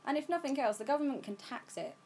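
Young british woman, mid pitch, laughs a lot, easy casual podcast chat. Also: big pitch swings, fast, a little mellow. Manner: giggly, easygoing, chimes in. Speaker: podcast co-host.

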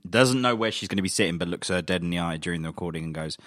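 Male co-host, very low voice, measured explainer, dry close mic. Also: no echo. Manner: steady, explains plot step by step. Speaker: podcast co-host. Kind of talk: casual film recap chat.

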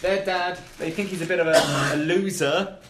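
A man's voice: on the high side, moderate pace, background noise. A man hosting a comedy panel podcast, rambling and swearing as he chats and laughs. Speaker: panel show host. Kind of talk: casual comedic podcast banter. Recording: roomy echo.

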